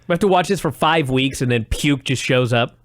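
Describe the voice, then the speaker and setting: A man's voice: medium pitch, a little fast, dry recording, clean studio sound. A man co-hosting a casual podcast chat about old wrestling shows, sarcastic and laughing often. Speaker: podcast co-host.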